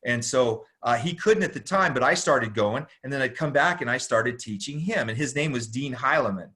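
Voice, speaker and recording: A man's voice: medium pitch, expressive, normal speed, pushed and bright. A middle-aged man tells a story as a podcast guest. His talk is loose and slangy, and he drops "dude" often. His voice rises and falls with the story. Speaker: podcast guest, jiu-jitsu instructor. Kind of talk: casual storytelling.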